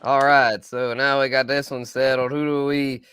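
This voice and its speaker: A man's voice: medium pitch, little pitch movement, moderate pace, fairly bright tone, smooth, no echo. A man hosting a casual sports podcast, laid-back and thinking aloud with frequent restarts. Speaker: podcast host.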